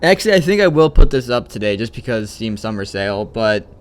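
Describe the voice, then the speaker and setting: A man's voice: lowish voice, big pitch swings, fairly quick. A man hosting a let's play, chatting casually and correcting himself as he plays. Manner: rambling and self-correcting. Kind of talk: casual game commentary.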